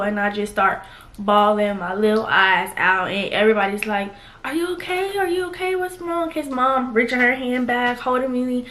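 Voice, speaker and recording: Young woman, chatty vlog storytelling, animated, a bit high-pitched. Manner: animated, conversational, reads messages aloud. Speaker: vlogger. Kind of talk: casual storytelling while getting ready.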